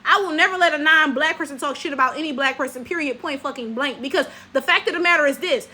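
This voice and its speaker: A woman's voice: high-pitched, fast, bright, forceful tone. A young woman from Detroit with a Detroit African American English accent, doing sassy, profane reaction commentary with lots of "right?" asides. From Detroit, USA. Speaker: YouTube commentary host.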